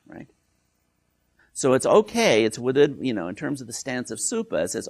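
A man's voice: medium pitch, sing-song, moderate pace, vocal fry, darkish tone, husky. A male lecturer giving an academic talk in a joking way, with frequent restarts and "right?" tag questions.

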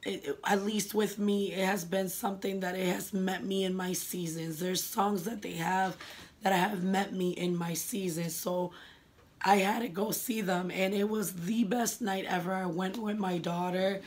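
Middle-aged woman, earnest personal vlogger, casual and heartfelt, filler-heavy, medium pitch. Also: fairly even intonation, measured pace.

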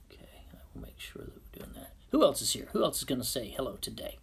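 A man's voice: mid-range voice, huge pitch swings, fast talker, creaky, few pauses, whispered. A man hosting a casual live-stream podcast, playful and muttering silly asides to himself as he sets up at his computer. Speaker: podcast host on a livestream.

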